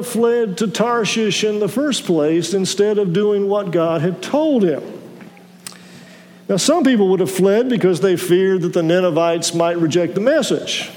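Man, pastor, sermon, halting restarts, high-pitched, echoing sanctuary. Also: darkish tone. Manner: measured preaching with halting restarts.

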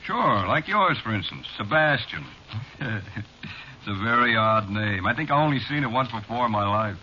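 An actor playing a teasing, sinister bartender who drawls in slang, in old-time radio drama style. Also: male voice, fairly low pitch, lively intonation, normal speed, sharp tone. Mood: sly. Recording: dull, faintly hissy old radio recording.

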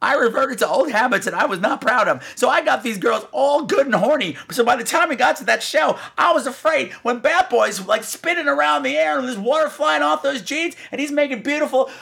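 A man's voice: very high voice, a little fast, vocal fry, hardly any pauses, slightly rough. A man hosting a podcast, telling a comic story and swooping in and out of voices. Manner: animated, swoops into voices and gasps. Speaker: podcast host.

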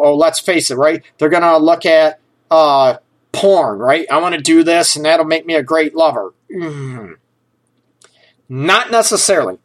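A man talking frankly and casually to his listeners as a relationship advice host, joking at times and often checking in with "okay?". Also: high voice. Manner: conversational, keeps checking in with "okay?" and "you know".

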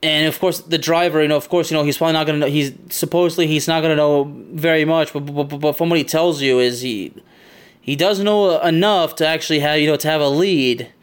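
A man's voice: on the high side, brisk, clear, resonant tone. A man hosting a podcast, recapping a video game mission from memory in a rambling, chatty way and laughing often. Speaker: podcast host.

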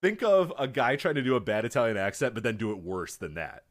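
A man's voice: medium pitch, very animated, quick pace. A man co-hosting a podcast in casual chat, chatty and jokey, laughing often. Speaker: podcast co-host.

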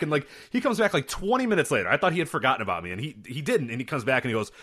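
A young male podcast co-host talks rapid-fire at a medium pitch with few pauses. Chatting casually, he tells stories in an animated way and acts out the people he quotes.

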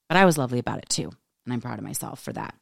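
A woman in her forties hosting a podcast, telling a funny personal story in a casual, animated way and laughing often. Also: a bass voice, vocal fry, no room sound, studio quality. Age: 40s. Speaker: podcast host.

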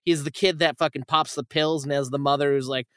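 Fairly quick and clean-toned, this young film-review podcast host's high-leaning voice comes through studio quality with no echo. He chats casually, retelling a movie plot in a rambling, profane, animated way and performing the characters' lines.

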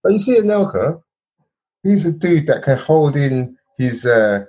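A lively man tells a football story on a casual podcast, his voice sitting a bit high and swinging widely in pitch. He keeps checking in with his co-host, tagging "yeah?" and "bro" onto his points. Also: unhurried. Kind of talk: casual chat.

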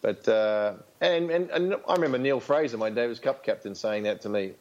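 An Australian man in an interview, speaking frankly about coaching in a loose, rambling way full of fillers and false starts. His voice sits at an ordinary middle pitch. The recording is muffled and lo-fi. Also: a little fast, a little mellow. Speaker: tennis coach, interview guest. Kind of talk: casual interview storytelling.

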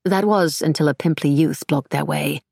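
A woman reading an audiobook in scripted, measured narration. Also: low voice, gravelly, noisy background.

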